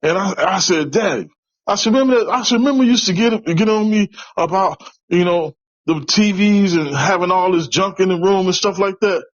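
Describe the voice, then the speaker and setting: A man's voice: high voice, brisk, dry recording, muffled recording. A middle-aged man from Chicago telling a personal story in an interview, in an earnest way, with many restarts. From West side of Chicago. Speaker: interviewee, tradesman.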